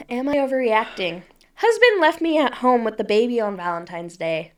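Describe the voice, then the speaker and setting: A woman's voice: a little high, sing-song, normal speed. A young woman co-hosting a casual podcast, giggly and bubbly, reading posts aloud and adding asides. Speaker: podcast co-host.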